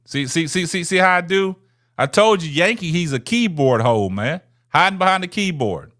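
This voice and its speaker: A man's voice: a little high, expressive, moderate pace, fairly bright tone. Man, casual livestream talk, taunting, repeats phrases. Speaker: livestream host. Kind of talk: casual livestream chat with viewers.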